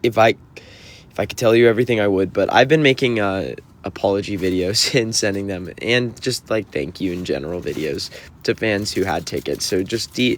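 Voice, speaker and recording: A man's voice: fairly low pitch, a bit bright. A man, a touring musician, reading out and answering viewer comments on a livestream in a sassy, teasing, mock-offended way. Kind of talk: livestream reading chat aloud.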